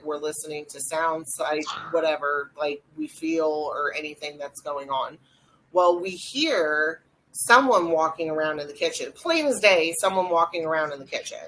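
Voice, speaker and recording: A young adult woman, co-hosting a podcast and retelling a ghost hunt in a rambling, animated way with lots of fillers. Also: deep voice, a little hiss or hum, rough recording. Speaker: podcast co-host. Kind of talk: casual storytelling chat.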